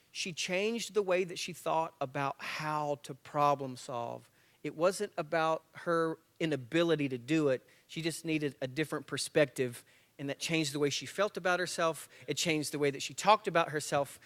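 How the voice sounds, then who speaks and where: A man in his forties giving a motivational talk as a guest speaker at a church men's breakfast, telling stories, acting out dialogue and joking at his own expense. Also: fairly high pitch. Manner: lively storyteller acting out dialogue; jokey, self-mocking.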